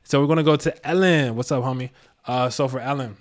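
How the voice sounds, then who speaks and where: A man's voice: medium pitch, brisk. A man giving a casual live tarot reading, slangy and laid-back, chuckling to himself. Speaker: tarot reader and astrologer.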